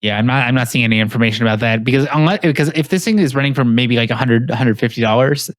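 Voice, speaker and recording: A man hosts a relaxed tech podcast chat, his voice close and dry on the mic. He talks in quick bursts, circling back with restarts and fillers as he works through prices and hardware. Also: medium pitch, no room sound. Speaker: podcast host.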